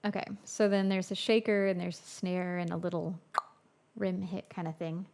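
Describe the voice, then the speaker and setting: Woman producer, casual stream talk, gravelly and dark in tone. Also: lowish voice, flat delivery, moderate pace. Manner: chatty, thinks aloud, reads viewer comments. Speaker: music producer livestreaming. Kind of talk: casual livestream chat while producing. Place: home music studio.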